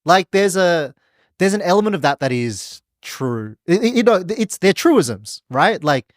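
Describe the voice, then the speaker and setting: A man's voice: high voice, sing-song, unhurried, no echo, studio quality. A man chatting casually on a podcast, rambling with many "like"s and restarts. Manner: rambling, heavy use of "like", restarts. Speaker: podcast co-host and quiz contestant.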